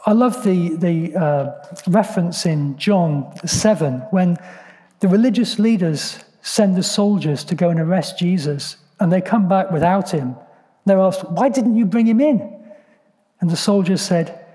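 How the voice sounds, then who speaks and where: A man's voice: on the high side, mellow. Earnest male preacher in a reverberant hall. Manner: earnest, reflective, with frequent ums and restarts. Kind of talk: sermon.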